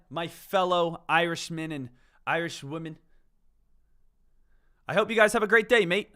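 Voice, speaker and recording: A man putting on an exaggerated mock Irish voice, playing a hammy, excited character in an over-the-top, singsong way. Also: sits high, clear, resonant tone.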